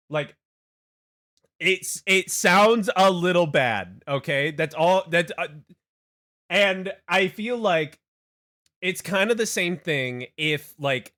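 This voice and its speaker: A man's voice: high voice, pushed and bright. Rambling young male game streamer. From Hawaii. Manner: rambling, self-interrupting, laughing asides. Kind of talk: casual stream chat.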